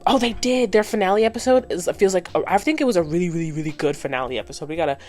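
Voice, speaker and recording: A woman in her twenties, a vlogger casually recapping and reacting to a cartoon episode, animated and blunt, swearing freely and thinking out loud. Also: fairly low pitch, racing, soft background music.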